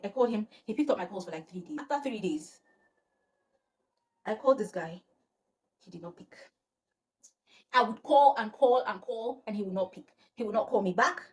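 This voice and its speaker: Young woman vlogger, dramatic storyteller with a raised pitch. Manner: dramatic, exclamatory storytelling to viewers. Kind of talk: storytime vlog.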